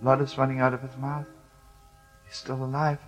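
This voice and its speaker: A man telling a wartime story, swinging from loud outbursts to hushed speech, with Yiddish and Hebrew words. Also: mid-range voice, monotone, normal speed, faint music behind, rough recording. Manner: emotional, shifts between loud exclamations and hushed speech.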